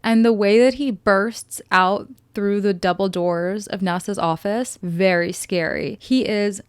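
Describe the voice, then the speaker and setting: A woman's voice: mid-range voice, a little slow, clean tone, dry recording. A young adult woman hosting a podcast, recapping and reviewing a film in a casual, chatty way with sarcastic asides. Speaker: podcast host.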